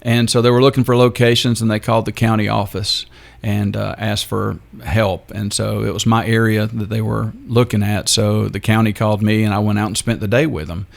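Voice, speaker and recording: An older man, a radio guest telling his story in a halting, unhurried way. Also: fairly low pitch, steady tone, vocal fry. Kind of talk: interview storytelling.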